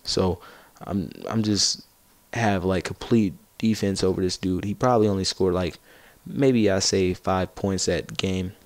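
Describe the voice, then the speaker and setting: A teenage boy doing casual gaming commentary, rambling through a story and getting loud and excited as he laughs at it. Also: sits low, unhurried, no room sound. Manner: rambling, gets loud and excited while laughing at his own stories. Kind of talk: casual storytelling over gameplay.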